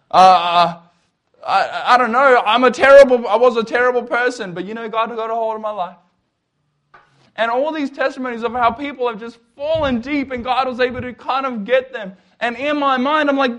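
Animated high-voiced young man telling a testimony. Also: a little fast. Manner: animated, jokey storytelling, acts out quotes. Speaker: speaker. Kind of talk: testimony talk to an audience.

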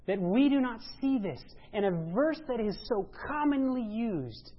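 A woman giving a sermon-style church presentation, emphatic, rising to loud exclamations and dropping low. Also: animated, measured pace, husky. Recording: dull lo-fi sound.

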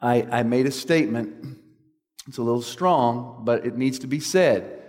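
A man's voice: medium pitch, a little slow, darkish tone, long reverb tail. A man giving an earnest preaching talk, often checking in with his listeners with questions. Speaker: speaker at a church meeting.

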